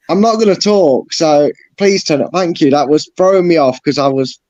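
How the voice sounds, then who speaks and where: Gushing emotional football fan. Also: male voice, fairly high pitch, darkish tone, lo-fi sound. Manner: gushing, emotional, with frequent restarts. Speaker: fan channel co-host rating players. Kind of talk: casual chat.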